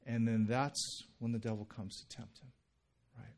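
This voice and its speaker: A male pastor giving a sermon in a relaxed, conversational way, often checking in with "right?" and telling stories with acted quotes. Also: mid-range voice, normal speed, a little hiss or hum. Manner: conversational, frequent "right?" and "like" asides.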